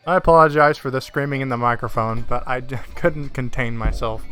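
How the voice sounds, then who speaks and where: A man casually commenting on his gameplay during a livestream. He is excitable, swears freely and is often sarcastic. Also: mid-range voice, a little fast, few pauses, clean tone, no echo, soft background music. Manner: excitable, whoops and yells at wins. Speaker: gaming livestreamer.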